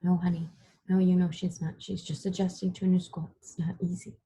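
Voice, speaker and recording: A woman reading the part of a tired, tender mother who whispers softly to her son at bedtime. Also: on the low side, level tone, a little fast, slightly rough.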